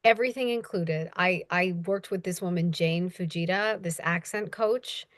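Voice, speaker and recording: A woman's voice: normal speed, dry recording. A young woman, an audiobook narrator, chatting casually as an interview guest and acting out quoted voices. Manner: animated, acts out quoted voices with big pitch jumps.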